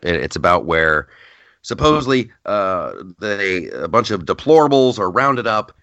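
A man's voice: fairly low pitch, unhurried, no echo, highs cut off. A man hosting a podcast, chatting casually and telling stories animatedly, often restarting his sentences. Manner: animated storyteller with frequent restarts. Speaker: podcast host.

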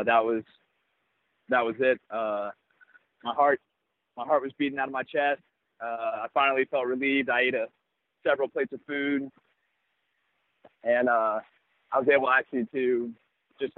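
A young man, a baseball prospect, telling his story in an interview in a halting way, with many restarts. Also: mid-range voice, fairly even intonation, dry recording. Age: young adult. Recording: tinny phone-line sound, dry.

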